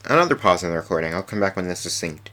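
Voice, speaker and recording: A man with a very low voice talks through a device setup in loose, off-the-cuff vlogger commentary. He mumbles and hesitates, dropping fillers and the odd curse. Faint clicks sit in the background. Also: lively intonation, rapid-fire, fairly bright tone, a little hiss or hum.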